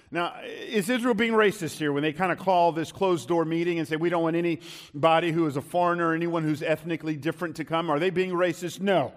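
A middle-aged male pastor preaching a sermon, slowing down and rising in pitch to stress his key lines. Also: steady tone, long reverb tail.

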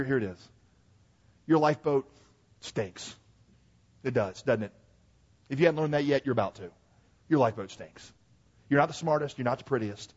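A man's voice: mid-range voice, husky. Impassioned man preaching a sermon. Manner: dynamic preaching, swings from hushed to shouting. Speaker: pastor. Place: church. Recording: dull lo-fi sermon recording.

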